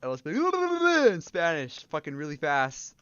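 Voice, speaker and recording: Joking young Canadian streamer, smooth voice. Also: male voice, on the high side, fairly even intonation, brisk, a bit bright, dry recording, lo-fi sound. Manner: joking, swears, laughs often. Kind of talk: casual livestream chat.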